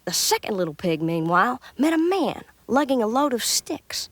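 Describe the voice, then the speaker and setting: A woman reads a storybook aloud in a folksy, lively way. Her voice rises and falls a lot, and loud music plays underneath. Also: on the high side, normal speed. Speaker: narrator. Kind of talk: storybook reading.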